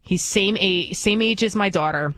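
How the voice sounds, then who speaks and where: A woman's voice: medium pitch, moderate pace, a bit bright, no echo. A woman who hosts a news show talks in a blunt, outspoken and opinionated casual monologue. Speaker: news TV host.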